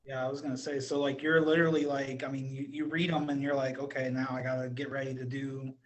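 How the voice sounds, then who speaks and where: A man's voice: mid-range voice, level tone, fast, rough recording. A man hosting an online interview, asking questions hesitantly with many fillers. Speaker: interviewer, AMA host.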